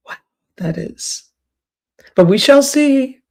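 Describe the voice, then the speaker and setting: Lady streamer chatting late at night, slow drawl, gravelly, voice cracking, gossipy asides. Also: lowish voice, lively intonation, darkish tone. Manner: gossipy, rambling, with whispered asides. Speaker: livestreamer. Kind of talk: late-night livestream commentary.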